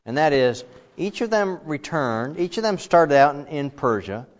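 A middle-aged man teaching a Bible class in a casual, animated way, acting out the quoted dialogue. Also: a little high, normal speed. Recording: dull lo-fi sound with long reverb.

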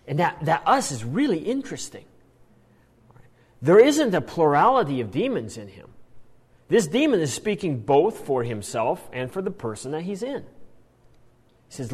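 A man teaching a Bible passage in an animated sermon style, often restarting his phrases. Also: fairly high pitch, moderate pace, slightly rough, big-room sound. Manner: animated, acts out quoted lines, frequent restarts. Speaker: preacher.

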